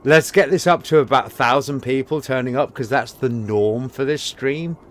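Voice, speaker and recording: A man's voice: mid-range voice, normal speed. A man streaming live, telling a rambling, profane story and lecturing his chat, repeating himself for emphasis. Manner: storytelling, preachy.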